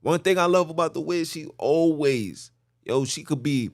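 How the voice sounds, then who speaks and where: A man hosting a podcast in casual religious talk, telling stories in an animated way with street slang. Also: a little high, normal speed, no echo, clean studio sound. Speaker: podcast host.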